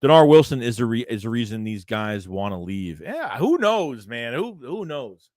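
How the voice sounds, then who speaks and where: A man's voice: medium pitch, big pitch swings, moderate pace, a little mellow, no echo, clean studio sound. A man hosting a casual sports livestream, ranting bluntly with profanity and repeating himself while reading chat messages. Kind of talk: casual fan rant reading live chat.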